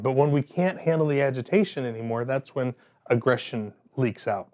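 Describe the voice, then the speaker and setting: A man's voice: medium pitch, a little mellow. A man teaching a workplace safety class, telling personal stories in a conversational way with frequent fillers.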